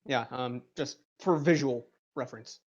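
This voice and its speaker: A man of middle pitch chatting as a player in a tabletop game stream. He describes things in a deliberate, halting way, heard through a dull, muffled lo-fi mic. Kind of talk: casual game chat.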